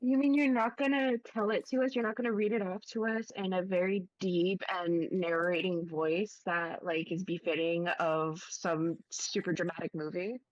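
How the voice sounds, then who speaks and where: A woman's voice: fairly low pitch, normal speed, hardly any pauses, dry recording, lo-fi sound. A woman playing in an online tabletop game, chatting casually, laughing a lot and swearing freely. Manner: giggly, excitable, swears freely. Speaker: player.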